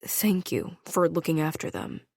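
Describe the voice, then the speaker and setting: A woman voicing a gruff, brooding male wolf-shifter alpha in an audiobook, speaking curtly in a low, grim tone. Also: very animated, measured pace, darkish tone, dry recording, clean studio sound, full character voice.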